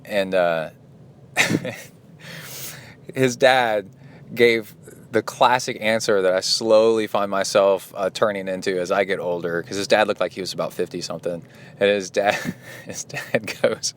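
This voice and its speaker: Lower-pitched middle-aged man rambling. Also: fairly even intonation, unhurried, fairly bright tone. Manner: rambling, with many fillers and restarts. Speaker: podcast host and triathlon coach. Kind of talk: casual solo podcast recap.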